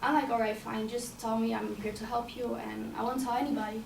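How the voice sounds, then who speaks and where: A woman's voice: a little high, little pitch movement, brisk, vocal fry, a little hiss or hum. A woman telling a personal story in a casual, plain-spoken way, repeating herself and sometimes swearing. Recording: roomy sound from a distant mic, faint ambience.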